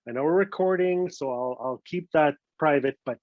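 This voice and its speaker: A man tells a funny folk tale, his voice sitting a little high for a man. He plays with repetition and keeps tagging lines with "eh". The sound is dull and very dry, like a lo-fi video call. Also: normal speed, no room sound. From Northwest Territories, Canada. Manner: lively, playful, repeats words for effect, ends lines with "eh". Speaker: storyteller. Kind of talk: told folk story, casual and humorous. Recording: dull, dry lo-fi online recording.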